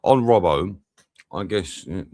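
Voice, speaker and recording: A man's voice: low-pitched, expressive, measured pace, warm tone, no echo, studio quality. A man streaming a football watch-along, swearing, venting and chatting with his viewers. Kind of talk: live match commentary and chat.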